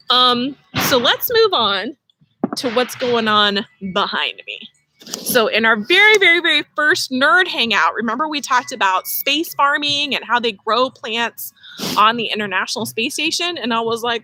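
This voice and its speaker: Lively, bright-voiced woman teaching gardening. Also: high voice, measured pace, a little hiss or hum, rough recording. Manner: animated, playful, addresses viewers directly. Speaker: host teaching kids about gardening. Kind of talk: casual live-stream lesson. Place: outdoors by a vegetable garden.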